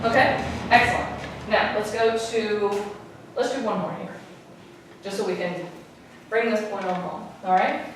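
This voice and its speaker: A woman's voice: mid-range voice, unhurried, long pauses. A woman teaching a classroom lesson, patiently repeating her questions and stretching out words to show where the stress falls. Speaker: Spanish teacher. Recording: echoey classroom, taped from a distance, noisy.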